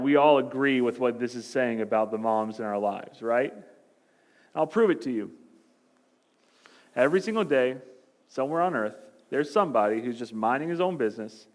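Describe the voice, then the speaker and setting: Man preaching a storytelling sermon. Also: mid-range voice. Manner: dramatic storytelling, dropping to soft emphasis. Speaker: pastor.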